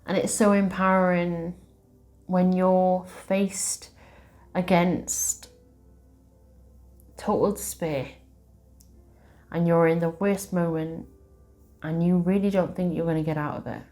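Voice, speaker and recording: A woman, a tarot reader hosting her channel, telling a personal story to camera in a soft, slow, heartfelt way. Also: lowish voice, little pitch movement, faint music behind.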